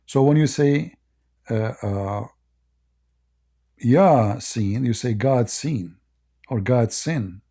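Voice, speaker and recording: Mellow, husky-voiced man hosting a call-in. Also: mid-range voice, very slow, pauses often. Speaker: host of a call-in apologetics show. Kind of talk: live call-in discussion.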